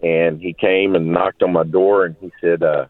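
Caller, a man with a deep voice, heartfelt and rambling, heard over a tinny, dry phone line. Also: little pitch movement, moderate pace, no echo. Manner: rambling, heartfelt, with many restarts. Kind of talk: call-in testimony. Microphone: telephone.

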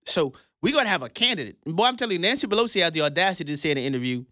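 Man, political commentary host, sarcastic, high lively voice, bright tone, dry recording. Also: very fast, no echo. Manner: sarcastic, mocking, laughs often, stammers and repeats for emphasis. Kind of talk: opinionated commentary monologue.

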